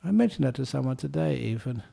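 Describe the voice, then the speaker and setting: A man giving a Buddhist dharma talk, explaining with gentle humour and telling a story to make his point. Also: mid-range voice, lively intonation, fast, gravelly. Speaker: Buddhist teacher.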